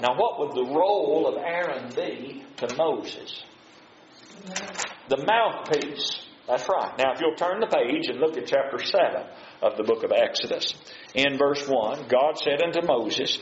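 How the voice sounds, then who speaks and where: Man, preacher, slightly high voice, earnest, folksy, roomy muffled recording, faint hiss. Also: animated, normal speed. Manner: earnest, asks the audience questions and answers them; plain, folksy paraphrase of scripture. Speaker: preacher teaching a Bible study. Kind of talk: sermon-style Bible teaching. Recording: roomy, dull sound with faint noise.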